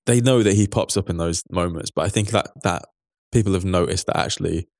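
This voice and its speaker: A man hosting a podcast, chatting casually in a relaxed, agreeable way and reading a listener message. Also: low voice, fairly quick, no room sound, studio quality. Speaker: podcast host.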